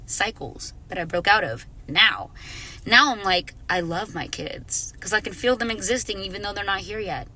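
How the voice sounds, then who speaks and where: A woman's voice: medium pitch, pushed and bright. A woman in her twenties talking casually and expressively to her viewers, swearing freely. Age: 20s. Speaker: vlogger. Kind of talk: casual personal monologue.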